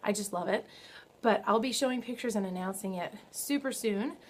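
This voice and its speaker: A young woman chatting casually on her crafting podcast, her voice sitting at an ordinary middle pitch. She is bubbly and eager, leans on fillers and corrects herself as she goes. A faint hiss sits under the home recording. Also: moderate pace. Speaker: knitting podcast host. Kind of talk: casual video podcast chat. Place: home, early morning.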